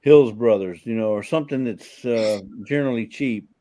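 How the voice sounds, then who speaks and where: A man's voice: medium pitch, normal speed, warm tone, no echo. Easygoing man on a video call. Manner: easygoing, peppered with "you know". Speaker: regular on a group chat show. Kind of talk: casual chat.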